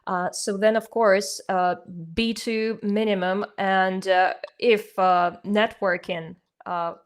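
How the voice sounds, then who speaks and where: A woman whose first language is Russian, hosting an interview and explaining points in a measured, teacherly way. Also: medium pitch, fairly even intonation. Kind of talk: conversational interview.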